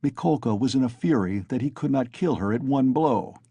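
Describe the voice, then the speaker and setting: Husky male audiobook narrator. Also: medium pitch, moderate pace, no echo, highs cut off. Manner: steady storytelling. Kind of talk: scripted narration.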